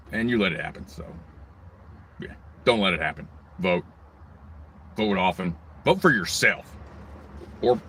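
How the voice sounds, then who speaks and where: A man's voice: fairly low pitch, measured pace, long pauses, bright, forceful tone, slight background noise. A man ranting angrily in a crude, rambling monologue, swearing constantly. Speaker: vlogger.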